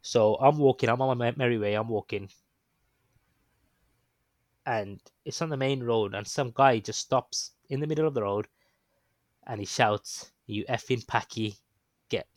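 A man's voice: medium pitch, a little slow, long pauses, dry recording. A man casually telling a story, rambling and hesitant with lots of ums and restarts. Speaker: guest recounting his experience.

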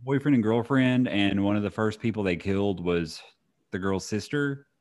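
A man's voice: lowish voice, normal speed, a little mellow. A young man co-hosting a casual true-crime podcast, joking dryly with wry asides. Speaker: podcast co-host.

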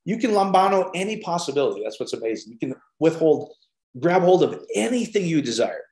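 Animated man preaching in an echoey room. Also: on the high side, brisk. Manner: animated storytelling with many fillers. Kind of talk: informal sermon. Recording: roomy echo.

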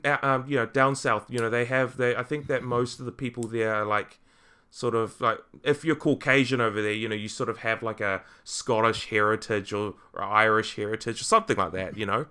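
Easygoing Kiwi male host, smooth and bright tone, casual podcast chat. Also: mid-range voice. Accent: New Zealand. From New Zealand. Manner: relaxed, laid-back, drawn-out fillers.

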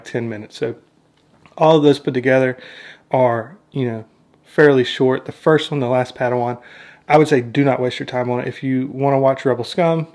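A man's voice: mid-range voice, darkish tone. A man giving casual video commentary as a fan film reviewer, laid-back, with chuckling asides.

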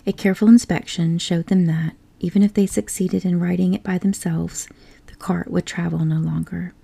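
A woman reading a classic storybook aloud in a soft, unhurried whisper, as a whispered role-play. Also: fairly low pitch, level tone, creaky, husky. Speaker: storybook reader.

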